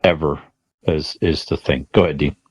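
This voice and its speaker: A middle-aged man co-hosting a podcast in a rambling, halting way, full of restarts. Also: a bass voice, steady tone, husky, no echo. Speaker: podcast co-host. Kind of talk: casual podcast chat.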